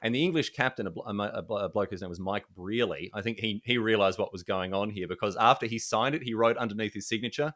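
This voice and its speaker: A young Australian man, a journalist, telling jokey anecdotes in a casual, animated way. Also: lowish voice, fast talker, hardly any pauses. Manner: animated, jokey, laughs often. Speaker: journalist guest.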